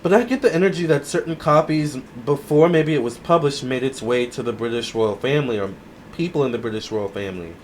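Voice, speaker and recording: A man doing a casual tarot reading to camera, musing aloud in an unhurried way with many fillers. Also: mid-range voice, slight background noise. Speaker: tarot reader.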